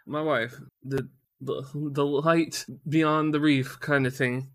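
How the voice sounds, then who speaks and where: A man's voice: fairly high pitch, fairly even intonation, slow pace, dry recording, clean studio sound. A young man tells a casual story in a rambling, profane way and stumbles over his words. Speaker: vlogger.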